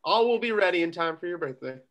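A man's voice: high voice, animated, quick pace, fairly bright tone. A man with a London accent playing a young, overly polite chocolatier in a comedic table read. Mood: polite, formal. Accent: London English. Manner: polite, dryly formal.

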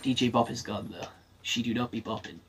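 Male streamer at a mid pitch, casual and foul-mouthed, narrating his own match over a faint hum. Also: brisk, a bit bright. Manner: swears freely, talks to himself while playing. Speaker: gaming streamer. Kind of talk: casual gameplay commentary.

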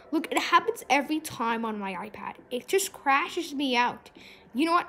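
A young female gamer giving excitable gameplay commentary, often breaking into shrieks and exclamations. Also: high voice, moderate pace, a little hiss or hum.

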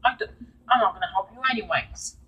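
A proud male engine argues indignantly, as a man voices him in a homemade story. His talk stumbles over words and rises and falls in lively swings, with a husky tone. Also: high voice, a little fast, highs cut off, pitched above the performer's own voice, full character voice.

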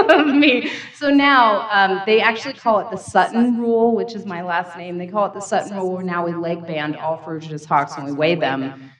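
Woman, 30s, chatty gala emcee, self-deprecating and quick to laugh. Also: medium pitch, crowd noise, low-quality recording. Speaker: gala emcee and raptor program staff. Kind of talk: casual storytelling speech at a gala. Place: banquet hall at a live event.

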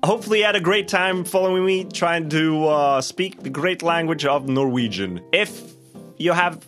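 A man's voice: a little high, lively intonation, normal speed, a bit bright, faint music behind. A young man with a Swedish accent, vlogging casually and laughing at his own slips as he tries tongue twisters. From Sweden.

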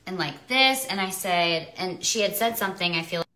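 A woman with a very bright, forward voice talks on a livestream. She is a mother who rambles and justifies herself, and she often breaks off and restarts her sentences. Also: on the low side, lively intonation, moderate pace. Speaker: mother and social media seller. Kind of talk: rambling live stream monologue.

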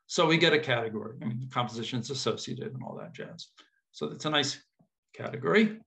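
A man's voice: mid-range voice, quick pace, creaky, fairly bright tone. A man giving an informal mathematics lecture, thinking aloud with casual asides and checking that his audience follows.

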